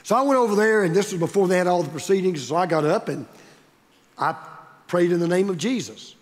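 A man's voice: sits high, a little fast. A male pastor preaching a sermon, emphatic and repetitive, building up stress on key words. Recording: long reverb of a large hall.

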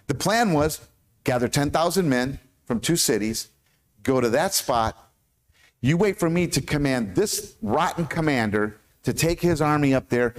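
Man, American accent, pastor, sermon, lively pitch, questions the congregation. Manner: animated, asks the congregation questions, stumbles over hard names.

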